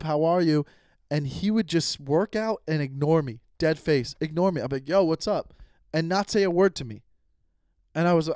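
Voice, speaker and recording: A man's voice: a little high, a little mellow, smooth, no room sound, studio quality. A young man hosting his own podcast from home, telling stories in a casual, profane, rambling way with lots of restarts and sudden outbursts. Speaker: comedian podcast host. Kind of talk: casual solo podcast storytelling.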